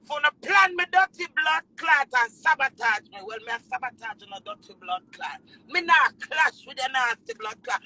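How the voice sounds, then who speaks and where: A woman with a Jamaican accent in a heated rant, swearing loudly and swinging between shouting and low, tearful muttering. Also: brisk, hardly any pauses, a little hiss or hum, rough recording.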